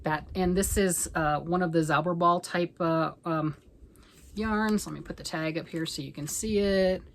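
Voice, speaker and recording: Middle-aged woman rambling at home, kinda low voice, keeps going soft and whispery, faint background noise. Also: steady tone, normal speed, low-quality recording. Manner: rambling and chatty, often dropping to a soft near-whisper. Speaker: knitting vlogger. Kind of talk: casual chat.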